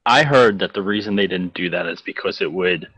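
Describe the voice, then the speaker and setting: A man's voice: low-pitched, fast talker, pushed and bright, husky, no echo. A man co-hosting a podcast, chatting in an easygoing way and laughing often. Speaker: podcast co-host. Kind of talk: casual chat. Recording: dull, lo-fi mic.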